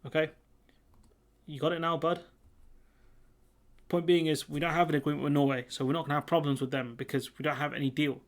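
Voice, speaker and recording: A young man comments on the news in a loose, chatty way, mocking and sarcastic as he goes. His voice sits a little higher than most men's. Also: little pitch movement, fairly quick, pauses often. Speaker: commentary channel host. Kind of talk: casual reaction commentary.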